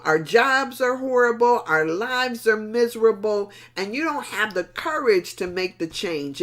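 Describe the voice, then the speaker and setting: A woman's voice: fairly high pitch, fairly bright tone. A middle-aged woman hosting a motivational talk, telling a story in a conversational way and repeating words for emphasis. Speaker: motivational talk show host.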